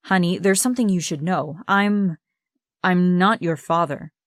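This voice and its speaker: Storybook dad, calm and gentle, middle-aged, as a woman reads him. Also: lowish voice, unhurried, no echo, studio quality, lightly acted.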